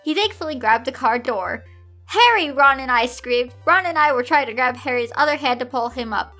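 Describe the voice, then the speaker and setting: Bright-voiced young woman reading fan fiction. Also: sits high, a little fast. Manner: lively, with asides to herself. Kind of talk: reading a fan story aloud. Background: soft background music.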